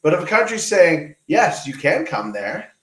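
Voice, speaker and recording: A man's voice: a little high, very animated, moderate pace, echoey room, rough recording. A man from Canada co-hosting a casual political podcast, laid-back and blunt. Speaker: podcast co-host.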